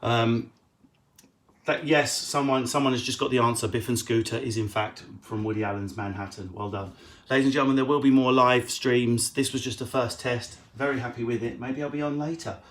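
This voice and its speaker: A male stand-up comedian answering viewer questions on a casual live stream, quick and profane with jokey riffs. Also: medium pitch, fairly even intonation.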